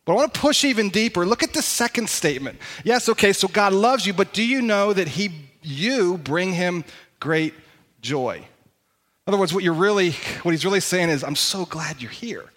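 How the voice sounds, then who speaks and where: A middle-aged pastor preaches in a church, his voice sitting high for a man. He talks in a relaxed, conversational way. He slows down and leans on key words for emphasis. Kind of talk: sermon. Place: church sanctuary.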